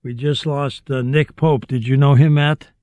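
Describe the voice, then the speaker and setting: A man's voice: medium pitch, steady tone, normal speed, no echo, phone-quality sound. A man hosting an interview, asking his guests direct questions. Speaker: host.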